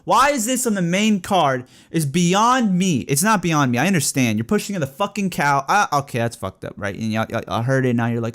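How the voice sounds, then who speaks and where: A young man giving casual, opinionated solo commentary, profane and ranting, growing excited as he talks. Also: on the high side, fairly quick, few pauses. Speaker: wrestling podcaster.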